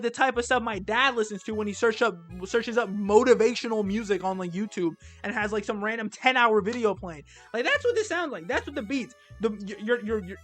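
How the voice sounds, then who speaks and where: A man's voice: very high voice, a bit bright. A young man giving casual, blunt and sarcastic commentary as he ranks albums, rambling with lots of fillers. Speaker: video creator ranking albums. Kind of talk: casual rant-style commentary.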